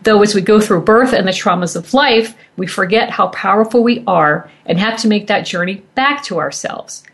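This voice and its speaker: A woman radio show host in a measured, admiring tone, reading a prepared introduction for her guest. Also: medium pitch. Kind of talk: scripted interview introduction.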